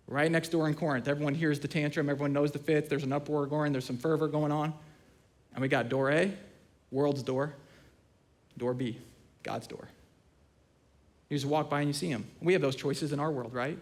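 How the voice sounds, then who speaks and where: Middle-aged male pastor, high voice, lively humorous sermon delivery. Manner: animated, humorous storytelling with acted-out quotes.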